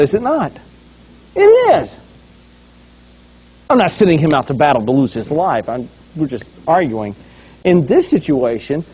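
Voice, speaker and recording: A pastor with a fairly high, husky voice preaches a conversational sermon. He is animated and acts out scenes as he goes.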